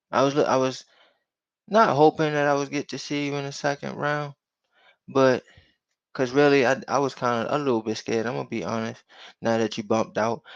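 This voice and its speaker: Man, sports show host, laid-back drawl, gravelly voice, dull lo-fi sound. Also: mid-range voice, no room sound. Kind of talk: casual sports talk chat.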